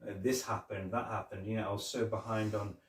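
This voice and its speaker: A man's voice: fairly low pitch, fairly even intonation, fairly quick. A man co-hosting a podcast, casually retelling favourite scenes and quoting the characters. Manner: chatty, retells scenes with quoted lines. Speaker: podcast co-host. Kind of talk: casual chat reviewing a TV episode. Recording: roomy, distant mic.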